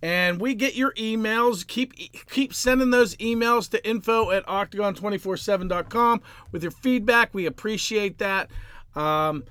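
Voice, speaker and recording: A man's voice: high voice, moderate pace, smooth, dry recording. A man hosting a podcast, hyping the intro and then chatting casually with his co-host. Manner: energetic announcer-style intro, then relaxed.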